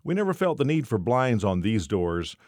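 A man's voice: on the low side, very animated, normal speed, a little mellow, dry recording, studio quality, voice pushed up. A man reading the lines of a scheming bartender in his forties, conspiratorial and hesitant.

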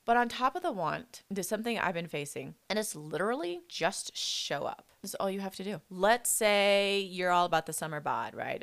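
A woman's voice: mid-range voice, sing-song, normal speed, creaky, few pauses, a bit bright. A woman hosting a casual solo podcast, telling stories in an earnest, chatty, self-deprecating way. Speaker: podcast host.

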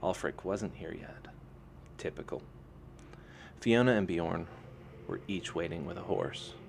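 A man reads a fantasy novel aloud in a calm, even storytelling manner. His voice sits very low with a gravelly edge, and a faint hiss runs behind the reading. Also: unhurried. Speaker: narrator.

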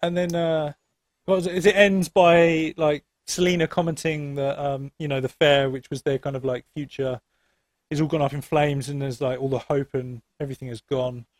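A man's voice: fairly high pitch, flat delivery, normal speed, dry recording. Chatty man, laughing, dry close sound. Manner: chatty, laughs often, many fillers. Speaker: podcast co-host. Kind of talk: casual film discussion.

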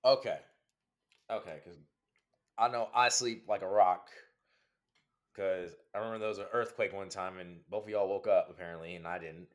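A young man from California in casual chat, talking in a hesitant, halting way with many restarts. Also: low-pitched, steady tone, dull audio.

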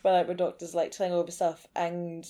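A woman chatting casually about a film, swearing freely and acting out its lines in quick voices. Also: fairly low pitch, monotone, dark tone. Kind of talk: casual chat reviewing a film.

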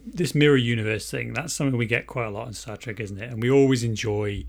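Man, podcast co-host, mid pitch, chatty and jokey. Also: quick pace, gravelly. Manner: joking, chatty, asks rhetorical questions. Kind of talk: casual chat.

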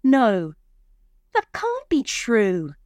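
A woman's voice: mid-range voice, very animated, a little slow, a little mellow, no echo, faint music behind, voice pushed up. A woman voicing a young woman in love who turns furious, in a pleading, raised voice. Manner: pleading, then indignant.

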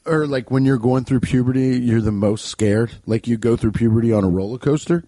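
A man's voice: medium pitch, brisk, warm tone, dry recording. A young man telling a comic story in a loose, rambling, profane way. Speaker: comedian.

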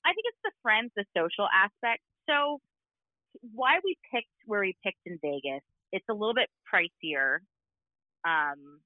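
A woman with a Valley girl way of speaking chats casually about family life, with lively, swooping pitch. She comes through a thin, phone-like line that sounds close and dry. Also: no room sound. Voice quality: Valley girl speech style. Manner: animated storytelling, mimics voices. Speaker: parent. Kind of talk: casual chat.

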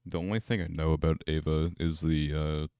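A man's voice: a bass voice, level tone, moderate pace, a little mellow, smooth, no room sound, studio quality. A young man co-hosting a casual podcast, talking in a laid-back, rambling way with frequent laughs. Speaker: podcast co-host.

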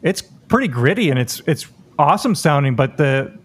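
A man's voice: a little high, big pitch swings, moderate pace. A man interviewing a band in a casual chat, enthusiastic and full of fillers like "like" and "um". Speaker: podcast interviewer.

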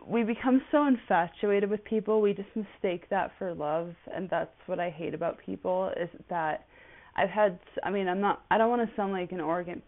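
A woman's voice: medium pitch, normal speed. A woman in her twenties, a podcast host, chatting casually and rambling with lots of fillers. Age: 20s. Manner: rambling, chatty, with many fillers and frequent laughs. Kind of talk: casual solo podcast chat. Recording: tinny phone-like audio.

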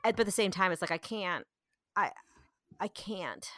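A woman's voice: medium pitch, normal speed, dry recording, studio quality. A woman in her thirties in casual chat, animatedly telling family stories and acting out voices. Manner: animated storyteller, acts out voices, laughs often.

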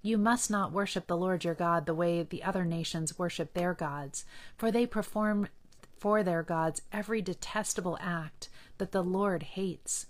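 A woman reading Bible passages aloud in a measured, earnest manner. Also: on the low side. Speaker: scripture reader.

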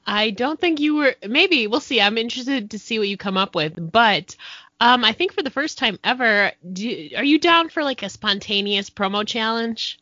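A woman with a bright, sharp voice asks her guest questions in a curious, friendly tone. The recording is dry, with no room sound. It also sounds muffled and lo-fi. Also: fairly high pitch, animated, moderate pace, dry recording. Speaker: podcast host. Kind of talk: casual interview chat.

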